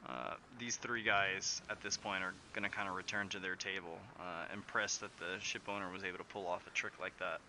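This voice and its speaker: A man narrating a tabletop game as game master, relaxed and full of fillers. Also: low-pitched, a little fast, hardly any pauses, slight background noise.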